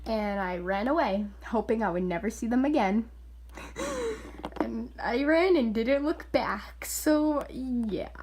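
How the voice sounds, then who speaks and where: A woman's voice: a little high, very animated, slow, noisy background. A woman vlogger telling a story in casual chat, filler-heavy and quoting voices with animation. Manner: chatty, filler-heavy, often says "like".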